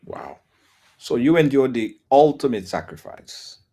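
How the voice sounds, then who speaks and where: A man's voice: medium pitch, big pitch swings, measured pace, mellow, breathy edge. A man hosting an interview show, affirming his guest with sympathetic interjections. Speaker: host.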